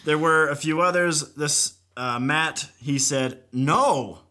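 A man co-hosting a casual sports podcast, joking in a dry, deadpan way. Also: a little high, slow. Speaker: podcast co-host.

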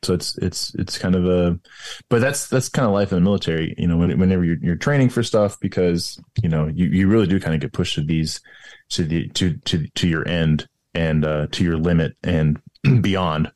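Very deep-voiced man, halting speech. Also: darkish tone, no room sound. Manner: hesitant, lots of ums and restarts. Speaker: military veteran guest. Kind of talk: casual podcast storytelling.

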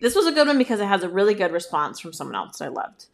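A woman co-hosting a casual chat in a relaxed way, reading listener messages aloud. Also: mid-range voice, rapid-fire, vocal fry. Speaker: podcast co-host, stepmom.

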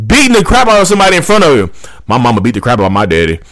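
A man's voice: mid-range voice, huge pitch swings, very fast, a bit bright. A man hosting his own channel, going on an emphatic, repetitive rant. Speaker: channel host. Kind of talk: ranting monologue to camera.

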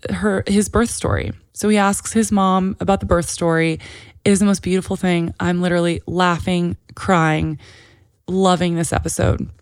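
Speaking smoothly in a low-ish register, a woman in her thirties tells a personal story on her podcast with lots of "like" fillers and open emotion. It's a chatty, studio-quality recording without echo.

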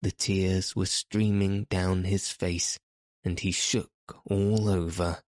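Deep-voiced, slow male narrator. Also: flat delivery, a little mellow, dry recording, clean studio sound. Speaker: audiobook narrator. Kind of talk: scripted narration.

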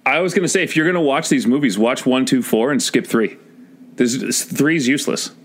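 A man's voice: mid-range voice, fairly quick, a little hiss or hum. A man co-hosting a podcast, giving blunt, dismissive opinions in casual chat about films. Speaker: podcast co-host.

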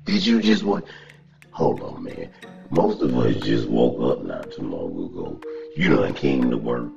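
Man, very deep voice, heavy vocal fry, casual podcast rant, animated and profane, slightly dull recording. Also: measured pace, faint music behind. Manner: animated storytelling, frequent cursing and laughter.

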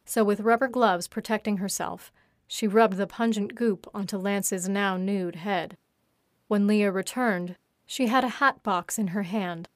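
A woman reads a written story aloud in a steady, even narration. Her voice sits at an ordinary middle pitch. The recording is dry and close, with no room sound. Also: measured pace, no echo. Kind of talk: scripted erotic story reading.

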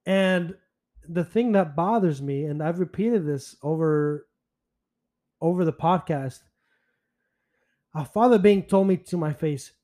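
A man hosting a solo podcast in an earnest, indignant monologue. His voice sits notably high for a man. He speaks slowly and takes his time. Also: dark tone. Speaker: podcast host.

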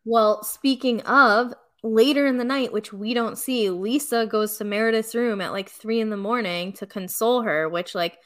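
A woman's voice: a little high, steady tone, moderate pace, hardly any pauses, a bit bright. A woman co-hosting a podcast, chatting casually and animatedly, laughing often and acting out other people's lines. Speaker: podcast co-host. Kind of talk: casual chat recapping reality TV.

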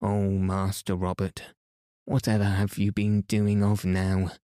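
A man's voice: fairly low pitch, monotone, takes it slowly, dark tone, no room sound, clean studio sound. A man reading the lines of a loyal, indignant household maid speaking in homely dialect.

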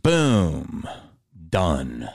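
A man's voice: deep voice, wildly swooping pitch, very slow, darkish tone. A middle-aged man comedian ranting in a heated, profane, swaggering way.

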